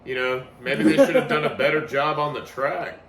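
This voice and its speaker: A man's voice: medium pitch, normal speed, crowd noise. A man co-hosting a casual music podcast, cracking jokes and swearing as he chimes in. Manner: jokey, swears, lively interjections. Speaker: podcast co-host. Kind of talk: casual review chat. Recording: echoey room, faint noise.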